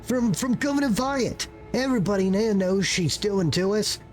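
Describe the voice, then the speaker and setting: A man's voice: high-pitched, normal speed, faint music behind, pitched above the performer's own voice, natural voice. A man voicing a terrified young male peasant rebel, speaking in a put-on British accent with urgent, pleading delivery. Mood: desperate. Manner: urgent, pleading, breathless storytelling.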